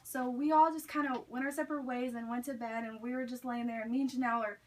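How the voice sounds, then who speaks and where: A woman's voice: a little high, steady tone, fast talker. A young woman telling a story in a chatty way, filling her sentences with "like". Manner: chatty, many "like" fillers. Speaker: student speaker. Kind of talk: storytelling speech. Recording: recorded from a distance.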